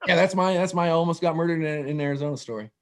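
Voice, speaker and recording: Profane, animated male storyteller. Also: a little high, quick pace. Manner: profane, animated, laughing asides. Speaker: guest storyteller. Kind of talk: comedic storytelling.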